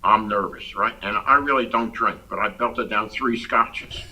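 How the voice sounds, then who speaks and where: A man with a deep, sharply bright voice spins animated anecdotes and chuckles at his own punchlines. He sits a little back from the microphone, so the sound is slightly distant. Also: unhurried. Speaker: interview guest. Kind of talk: casual anecdote telling.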